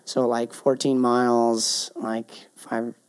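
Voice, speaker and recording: A man's voice: mid-range voice, little pitch movement, takes it slowly, clear, resonant tone. A man in his twenties co-hosting a podcast, chatting casually and laughing easily. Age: 20s. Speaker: podcast co-host. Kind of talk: casual chat.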